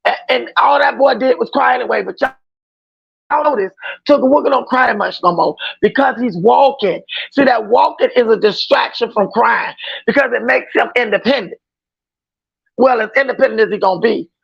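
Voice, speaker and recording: A woman's voice: a little high, moderate pace, vocal fry, breathy edge, lo-fi sound. A woman hosting a casual livestream reaction chat, talking in an emphatic, outspoken way and often raising her voice.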